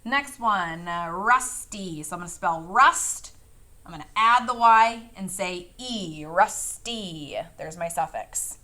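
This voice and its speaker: A woman teacher giving a phonics lesson, with clear, patient instructions and frequent check-ins. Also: medium pitch, sharp tone. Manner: clear, patient classroom instructions with lots of okays.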